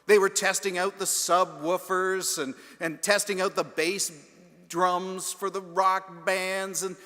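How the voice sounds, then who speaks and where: A man preaching a sermon as the pastor, telling a story in a deliberate, emphatic way in a large stone church. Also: high voice, level tone, bright, forceful tone. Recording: long church reverb.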